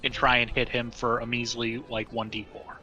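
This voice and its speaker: A man playing a tabletop game in casual chat, blunt and quick to swear and laugh at his dice. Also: mid-range voice, level tone, pushed and bright, muffled recording. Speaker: player.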